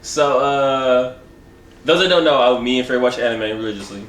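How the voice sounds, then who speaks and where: A man co-hosting a podcast, telling a relaxed, self-mocking story in casual chat. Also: mid-range voice, normal speed, echoey room. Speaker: podcast co-host.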